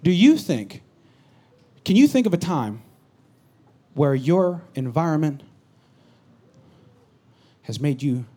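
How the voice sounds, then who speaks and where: Preacher, male, drawl, high register, lively comic storyteller who drops to hushed earnestness. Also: slow, pauses often, husky. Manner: storytelling preacher, shifts from loud comic bits to hushed serious tone. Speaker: pastor. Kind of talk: sermon.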